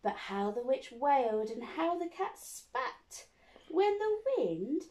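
Woman class teacher, picture-book read-aloud for small children; higher voice, mellow tone, unhurried and expressive. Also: rough recording. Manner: expressive storytelling, speaking to a child listener.

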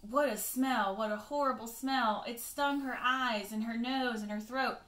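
A woman teacher reading a picture book aloud to children, expressive, with chatty asides to her pupils. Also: on the high side, moderate pace, reverberant.

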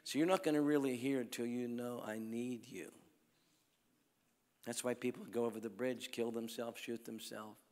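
A man preaching at a healing crusade, telling stories and swinging between loud calls to the crowd and hushed lines. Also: medium pitch, steady tone, moderate pace. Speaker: evangelist preacher. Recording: long hall reverb.

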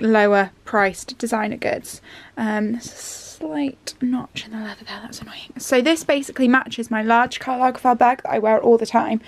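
Young girl vlogging in her bedroom, rambly and chatty, bit of vocal fry, slightly high voice. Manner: rambling, chatty, lots of fillers. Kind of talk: casual vlog chat to camera. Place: bedroom at home. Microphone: handheld vlog camera.

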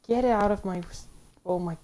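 A woman's voice: medium pitch, moderate pace, dark tone. Exasperated gamer woman grumbling at gameplay. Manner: exasperated, grumbling at the game with sudden outbursts. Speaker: let's play gamer. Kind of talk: casual gameplay commentary.

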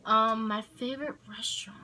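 A woman's voice: on the high side, steady tone, moderate pace, sharp tone, a little hiss or hum, low-quality recording. A woman vlogger answering tag questions in a rambling, hesitant way, full of ums and likes. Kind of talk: casual Q&A tag video.

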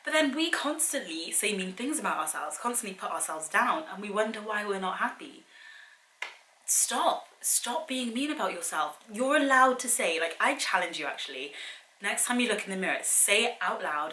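A young fitness and wellbeing vlogger gives her viewers a casual, earnest motivational talk, chatty and full of direct challenges. Her medium-pitched voice is animated, brisk, pushed, and bright. The room is echoey, with faint background hiss.

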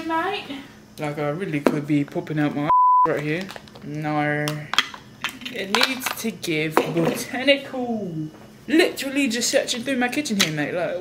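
A woman chatting casually to camera in her home kitchen, slangy and thinking out loud, now and then slipping into a put-on British accent. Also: lowish voice, background noise. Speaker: vlogger. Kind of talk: casual vlog chat.

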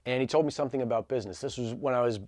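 A man in his forties telling a story in a casual, energetic, chatty way, full of fillers like "like" and "dude". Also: medium pitch, rapid-fire, dry recording, clean studio sound. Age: 40s. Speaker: channel host.

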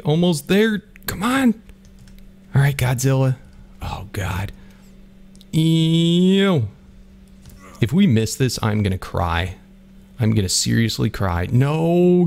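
Gaming host, male, gravelly voice with a lively swinging pitch, excitable let's-play chatter, faint hiss behind. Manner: excitable, chatty, narrates his own play.

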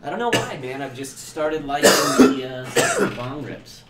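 A man co-hosting a casual livestream podcast, stoned, slow and rambling, with coughing fits. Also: on the high side, very animated, crowd noise. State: high, coughing. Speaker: podcast co-host. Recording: echoey room with faint noise.

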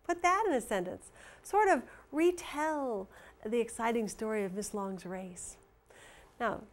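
A woman teacher reading a story and giving a phonics and handwriting lesson to young children, speaking slowly, clearly and expressively. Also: a little high.

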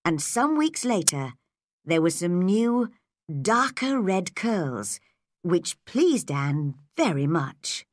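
Woman narrator for learner stories, low-ish, unhurried, clear diction. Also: big pitch swings, no echo, clean studio sound. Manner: slow, clear, measured reading. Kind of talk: graded-reader story narration for learners.

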